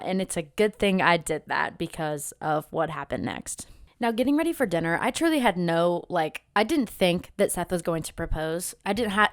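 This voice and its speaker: A young woman vlogging as a travel content creator, telling a story in a chatty, animated way and acting out the voices of the people in it. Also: on the low side, smooth, no room sound, clean studio sound. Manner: chatty, animated, acts out quoted voices with many "like"s. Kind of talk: casual storytelling vlog.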